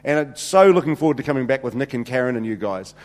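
A man's voice: mid-range voice, expressive, quick pace. A man preaching a sermon, telling funny stories in a chatty way with many restarts and fillers. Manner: chatty, jokey, many restarts and "you know"s. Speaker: pastor. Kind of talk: humorous sermon storytelling. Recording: reverberant hall.

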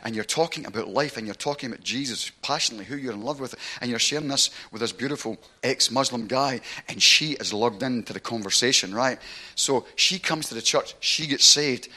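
A Glaswegian man from Glasgow, Scotland, delivers a sermon at a brisk clip in a mid-range voice. His storytelling is lively and conversational, and he repeatedly checks in with "right?".

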